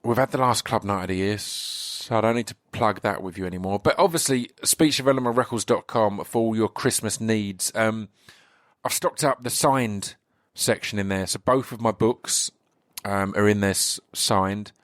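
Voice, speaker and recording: Croaky English male podcast host, low voice, dry close sound, rambling casual intro. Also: moderate pace, dry recording. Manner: rambling, chatty, many restarts and fillers. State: slightly croaky voice.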